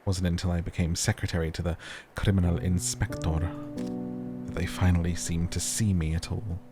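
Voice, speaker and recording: A man's voice: sits low, flat delivery, moderate pace, music in the background. A man reading the subdued lines of a grieving young woman in a story game. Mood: sorrowful. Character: grieving young woman, sister of a missing soldier.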